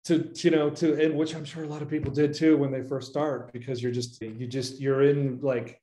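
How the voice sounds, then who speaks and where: A man's voice: mid-range voice, normal speed, hardly any pauses. Man telling stories in a roomy space. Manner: animated storyteller who acts out quoted voices. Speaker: guest, painting business owner. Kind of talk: casual interview storytelling. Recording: roomy echo.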